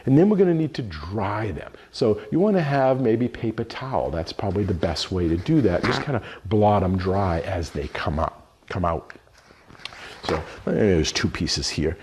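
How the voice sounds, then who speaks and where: A middle-aged culinary instructor gives a cooking demonstration, talking through each step as he works with his hands. His voice is lowish, expressive and a little mellow, at a normal speed, with a bit of hiss or hum on the recording.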